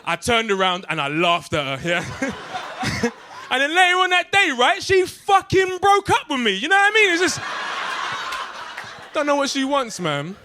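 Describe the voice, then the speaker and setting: A young man with a London accent doing a stand-up set in a comedy club, animated and streetwise, tagging lines with questions. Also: very high voice, unhurried, noisy background.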